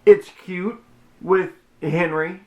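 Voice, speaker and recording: A man's voice: sits high, fairly even intonation, takes it slowly, a little mellow. A man co-hosting a casual vlog review, teasing and wisecracking with his co-host. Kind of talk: casual TV episode review chat.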